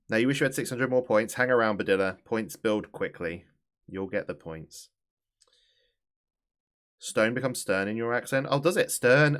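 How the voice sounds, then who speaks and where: Brief: animated streamer man, lively pitch. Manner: animated, chatty, swears, talks to chat. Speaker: game streamer. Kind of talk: live-stream gameplay commentary.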